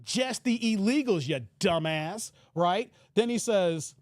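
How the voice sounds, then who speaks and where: Speaking at a normal speed with hardly any pauses, this American channel host rants combatively and mockingly while reading emails on camera, leaning on the filler "here" again and again. His voice sits high with lively intonation, and the sound is clean studio audio with no echo.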